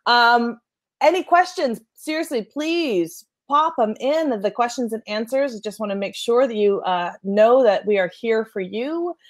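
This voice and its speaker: A woman's voice: on the high side, lively intonation, unhurried. A woman hosting a live show, enthusiastic and affirming, greeting viewers by name and inviting questions. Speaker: host.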